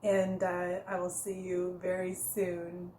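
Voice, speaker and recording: Chatty woman doing a tarot reading at home, talks slow and easy, a bit of faint hiss behind her. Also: lowish voice, completely flat delivery, mellow, reverberant, rough recording. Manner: chatty, laughs easily, restarts and corrects herself. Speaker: tarot reader. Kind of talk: casual tarot reading vlog.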